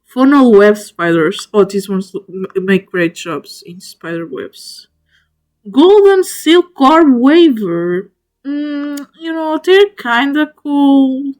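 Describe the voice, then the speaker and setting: Woman, streamer, casual chat, enthusiastic, halting restarts, slow delivery. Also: a little high. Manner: enthusiastic, gushing over animals, talks to the spiders directly; halting, restarts mid-word. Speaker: streamer ranking spiders in a tier list.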